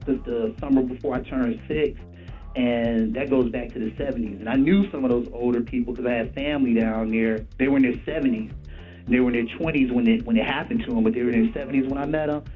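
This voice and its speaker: A man calling in to a radio show, making a measured, earnest argument. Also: mid-range voice, fairly even intonation. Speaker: caller. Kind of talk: call-in radio debate. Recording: phone line with music under it.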